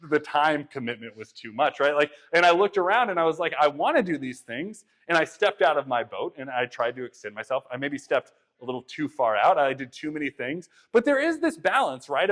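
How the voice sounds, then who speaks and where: A young man preaching a conversational sermon, retelling a story in a casual, animated way with many fillers. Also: fairly high pitch, fairly quick. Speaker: pastor.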